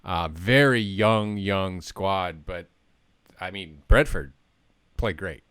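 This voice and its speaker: A man's voice: low voice, slow, fairly bright tone, clear, resonant tone, no echo. A young man co-hosting a casual football chat, with dry joking asides. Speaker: podcast co-host.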